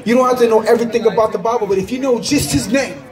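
A man with a very high-pitched voice gives a fervent spoken testimony in an outdoor park. He talks in urgent bursts, often rising into a shout and repeating phrases for emphasis. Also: rapid-fire, some chatter behind. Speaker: person giving a religious testimony.

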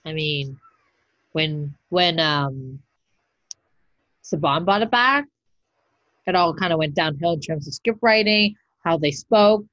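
Animated woman co-host ranting. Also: low-pitched, takes it slowly, long pauses, dry recording, dull audio. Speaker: podcast co-host. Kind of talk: casual chat.

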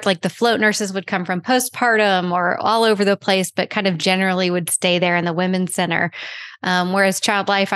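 A woman's voice: lowish voice, a bit bright, dry recording, studio quality. A woman with a Texan accent, a guest explaining her profession in a casual interview, with frequent ums. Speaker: child life specialist guest.

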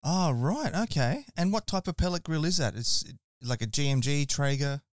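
An Australian man hosts a relaxed podcast chat with a smooth, resonant voice. He sounds friendly and easygoing, calling his guest mate. The recording is close and dry. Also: a little high, normal speed, no echo. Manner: friendly, chatty, says mate. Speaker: podcast host. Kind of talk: casual interview chat.

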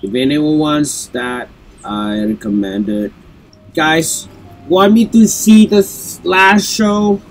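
A man's voice: fairly high pitch, slow pace. A man who keeps sneezing, narrating his gameplay in casual commentary for his viewers. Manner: sneezes often, apologizes, talks to the viewers. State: sneezy, congested. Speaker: gameplay video host.

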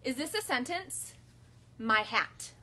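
A young woman teaching an online kindergarten lesson at home, patient and instructive, slowly modeling phrases for children to repeat. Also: high voice, lively intonation, a little hiss or hum. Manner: patient, instructive, frequent gentle redirections; slow, sing-song modeling of phrases for repetition. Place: home, filmed for online class.

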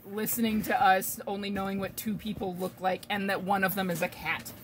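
A woman's voice: medium pitch, level tone, a little fast, heavy background noise. A woman playing a tabletop game, joking and swearing casually. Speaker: player.

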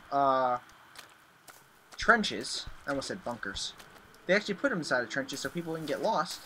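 Excitable young man yelping through game commentary. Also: medium pitch, moderate pace, pauses often, a little hiss or hum. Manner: excitable, yelps and shouts when startled. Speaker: gaming video host. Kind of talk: let's play commentary.

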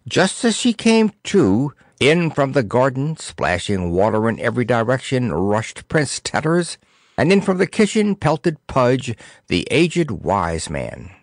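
A man reading a children's storybook aloud in an expressive, theatrical way. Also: mid-range voice, a little slow, dry recording, studio quality. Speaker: audiobook narrator. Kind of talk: storybook narration.

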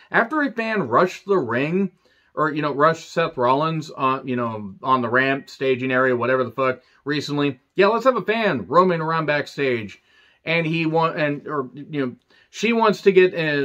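A man's voice: fairly high pitch, a bit bright, lo-fi sound. A man reviewing a wrestling show on his own, sarcastic and full of swearing. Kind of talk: profane solo review commentary.

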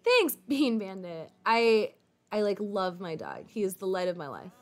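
A woman chatting loosely with her viewers, rambling and peppering her talk with "like" and the odd swear word. Her voice sits at an ordinary middle pitch, with faint music playing behind her. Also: very animated, normal speed, darkish tone. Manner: rambling, fillers like "like", casual swearing. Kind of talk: casual chat.

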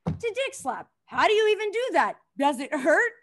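A woman's voice: very high-pitched, very animated, normal speed, fairly bright tone. A young woman doing a crude stand-up comedy set, self-deprecating, laughing at her own jokes and talking to the crowd.

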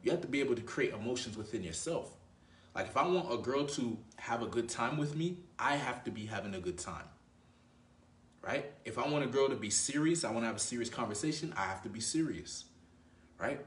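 A man's voice: medium pitch, animated, brisk, distant mic. A man coaching viewers in a loose, conversational monologue, checking in with "right?" and calling the listener "bro". His voice sits back from the mic, and the room gives it a noticeable echo. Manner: conversational, frequent "right?" tag questions; slangy, addresses viewer as bro. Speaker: dating coach. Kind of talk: casual advice monologue. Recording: roomy, voice away from mic.

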